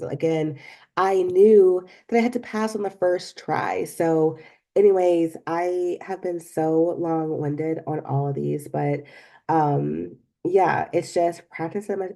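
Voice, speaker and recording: Young woman podcaster telling a story, mellow and kinda gravelly, chatty and animated. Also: low voice. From not from Florida. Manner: animated storytelling, addresses listeners as guys. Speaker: podcast host. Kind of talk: casual advice talk.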